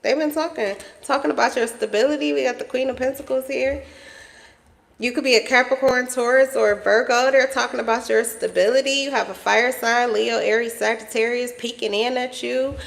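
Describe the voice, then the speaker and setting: A woman's voice: on the high side, gravelly, big-room sound. A woman giving a casual collective tarot reading, chatty and playful, laughing often and swearing freely. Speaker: tarot reader.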